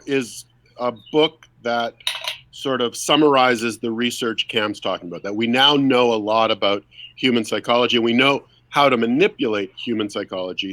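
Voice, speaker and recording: A man's voice: medium pitch, a bit bright, no room sound, poor audio. A man hosting a casual podcast discussion, talkative and explaining things for listeners. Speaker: podcast host.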